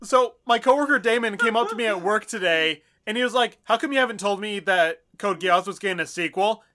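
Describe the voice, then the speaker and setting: A man in casual podcast chat, telling a story in a relaxed way with fillers. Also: high-pitched, fairly quick.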